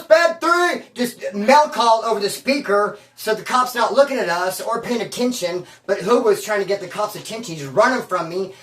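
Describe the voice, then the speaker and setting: A man from Bakersfield telling prison stories at home, animated and slangy, calling the listener bro and dude. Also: sits high, distant mic. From Bakersfield, California. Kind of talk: casual storytelling. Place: at home, indoors. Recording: roomy room, from off mic.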